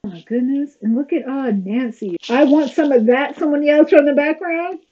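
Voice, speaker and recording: A woman's voice: sits high, normal speed, mellow. A woman hosting a casual watch-along, giving sarcastic, exasperated running commentary. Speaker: reaction video host. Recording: slightly dull lo-fi audio with faint noise.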